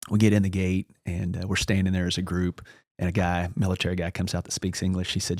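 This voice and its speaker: A man's voice: low-pitched, completely flat delivery, fast talker, darkish tone, dry recording, studio quality. A man as a podcast guest, telling a long story in a casual, rambling way and acting out the lines of the people in it. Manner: rambling anecdotal, acts out quoted dialogue.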